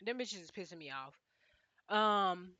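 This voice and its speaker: Woman recap host, blunt and profane, sharp bright tone, dull lo-fi dry recording. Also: lowish voice, animated, slow pace, no room sound. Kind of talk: casual TV recap rant.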